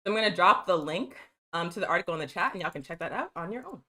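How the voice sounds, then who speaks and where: A woman hosting a live political news stream, talking fast and emphatically, calling her viewers y'all and reading from a press release. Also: lowish voice, expressive, bright, forceful tone, poor audio.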